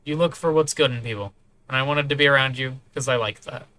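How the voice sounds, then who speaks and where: A man's voice: medium pitch, quick pace, bright, forceful tone, clean tone, no room sound, close to an everyday voice. A man voicing a hesitant, defensive young man who placates and dodges. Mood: placating.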